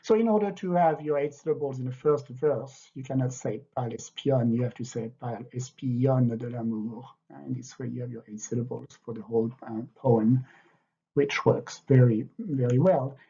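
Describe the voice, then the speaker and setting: Older man, husky. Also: medium pitch, normal speed, warm tone. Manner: hesitant, many fillers, explanatory. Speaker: French literature teacher. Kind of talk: lecture with poetry reading. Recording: dull, lo-fi.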